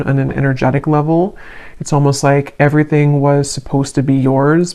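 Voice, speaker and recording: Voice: mid-range voice, mellow. A tarot reader giving an intuitive reading straight to the listener, searching for words with fillers and restarts while offering reassurance. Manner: reassuring, addressing listeners directly.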